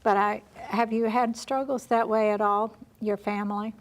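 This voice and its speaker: Woman, talk show host, mid-pitched voice, encouraging questions. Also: flat delivery, normal speed. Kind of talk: casual interview chat.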